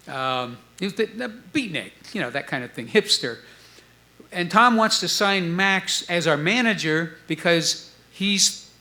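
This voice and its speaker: A man in his seventies tells stories from a club stage to a live audience, chatting as he goes. He's an animated storyteller who acts out the other people in his tale, jumping his pitch to do their voices.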